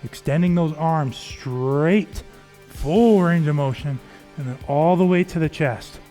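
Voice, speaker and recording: A man's voice: on the high side, slow, warm tone, soft background music. Man coaching a workout with encouraging cues. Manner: encouraging, calls out cues and counts. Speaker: fitness coach.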